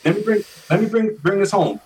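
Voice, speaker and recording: A man's voice: high voice, fairly quick, darkish tone, recorded from a distance, a little hiss or hum, rough recording. A man in his forties telling a personal story as an interview guest, earnest and emphatic, often repeating his words. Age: 40s.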